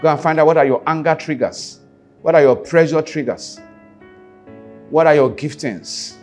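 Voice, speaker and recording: A man's voice: a little high, normal speed, a little mellow, faint music behind. A man with a Nigerian accent, a life skills coach giving a motivational teaching talk, repeating key phrases and putting rhetorical questions to his listeners. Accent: Nigerian English.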